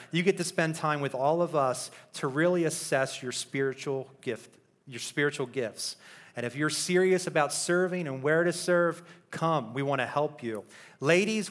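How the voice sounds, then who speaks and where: A man's voice: a little high, a bit bright. A man speaking as a youth pastor in church, recapping a weekend retreat with upbeat stories and rousing questions to the congregation. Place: church sanctuary.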